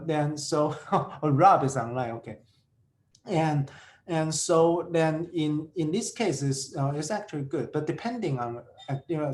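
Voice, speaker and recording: Male workshop lecturer, slightly high pitch, loose chatty delivery, echoey room sound. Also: a little mellow. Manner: chatty, rhetorical questions, frequent restarts. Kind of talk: informal lecture. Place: lecture streamed online.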